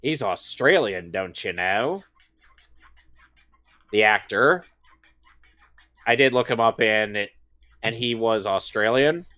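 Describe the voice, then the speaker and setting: A man's voice: fairly low pitch, animated, takes it slowly, long pauses, sharp tone. A man co-hosting a casual watch-along chat, giving long-winded, opinionated breakdowns. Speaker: co-host.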